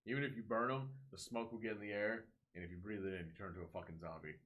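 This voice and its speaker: Over phone-quality sound, a young podcast co-host with a fairly low voice talks very fast, recounting a movie story in casual chat. He's animated, swears a lot, and acts out the characters' lines in voices.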